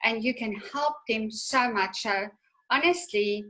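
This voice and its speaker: A woman's voice: fairly high pitch, a little slow, bright, forceful tone, low-quality recording. A woman hosting a video call interview who speaks in an earnest, encouraging way. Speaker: host.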